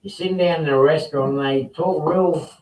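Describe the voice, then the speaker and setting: A man's voice: fairly high pitch, a little fast, darkish tone, a little hiss or hum. A man hosting a casual video chat, telling stories in a rambling, chatty way. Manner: chatty storyteller, rambling with restarts. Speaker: host. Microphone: video call. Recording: roomy distant mic.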